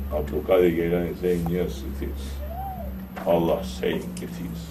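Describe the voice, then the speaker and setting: Speaking unhurriedly with a Turkish accent, a Sufi shaykh tells a story during a sermon, acting out the characters' voices with rising pitch in animated fashion. The mic is distant, picking up faint room ambience and slight background noise.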